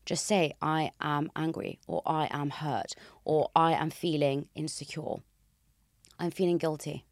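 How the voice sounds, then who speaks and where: A young British woman hosting a podcast, making her points in an emphatic, animated way. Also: sits low, a little slow, dry recording, studio quality. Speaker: podcast host. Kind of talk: casual conversation.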